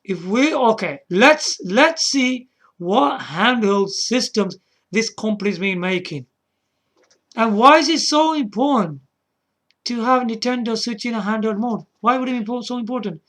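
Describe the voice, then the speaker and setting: Slow-talking, rambling gaming host. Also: male voice, extremely high pitch, lively intonation, a bit bright. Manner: rambling, chatty, often asks the viewer "yeah?" and "man"; frequent restarts and chuckles. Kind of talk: casual rambling commentary.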